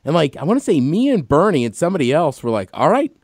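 A man in his thirties tells long, rambling stories and laughs often. His pitch sits a bit high and swings widely. The sound is close and dry. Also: big pitch swings, quick pace, darkish tone, no room sound. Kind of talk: casual chat.

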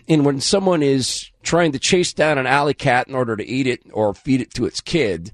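A man hosting political commentary, delivering scripted segments with a mocking, scornful edge while hoarse. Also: mid-range voice, moderate pace, few pauses, no echo, studio quality. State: hoarse, losing his voice.

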